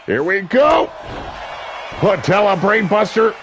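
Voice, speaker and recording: A man calling a wrestling match play-by-play, brash and crude, with sudden shouted bursts of excitement. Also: high voice, takes it slowly, some chatter behind, slight background noise. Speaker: wrestling commentator. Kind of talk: play-by-play commentary. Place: seated at a ringside commentary table.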